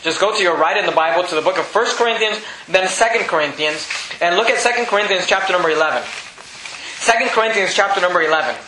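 A man's voice: high voice, fast talker, echoey room, noisy background. A male pastor preaching verse by verse, repeating phrases with rising emphasis and acting out the apostle's words. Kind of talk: verse-by-verse sermon.

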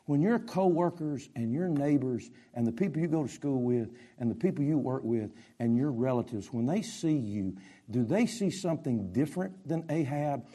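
A male pastor preaches a sermon with impassioned delivery that swings between loud and soft. His voice is mid-range with lively intonation, and he keeps a moderate pace.

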